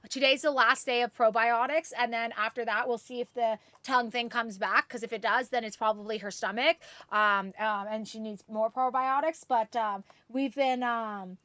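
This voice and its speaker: A woman's voice: a little high, fairly even intonation, moderate pace, few pauses, fairly bright tone, no echo. A woman streaming a video game, chatting casually with viewers, giggly and swearing freely, with many fillers. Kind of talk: casual live-stream chat.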